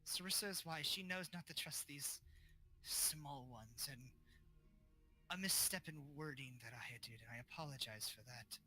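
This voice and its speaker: A man's voice: mid-range voice, normal speed, pushed and bright, slightly rough, soft background music, low-quality recording. Man playing a scheming disguised dragon woman. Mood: soothing.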